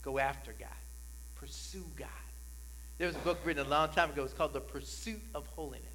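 High, bright-voiced male pastor preaching. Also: fairly quick, slight background noise, rough recording. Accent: New Jersey. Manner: conversational, rising to emphatic preaching. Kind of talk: sermon. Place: church sanctuary.

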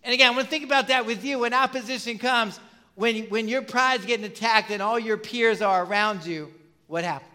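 A pastor preaching in a casual, conversational style, asking the congregation questions and using plenty of fillers. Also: male voice, very high-pitched, fairly quick, pushed and bright. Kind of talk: sermon.

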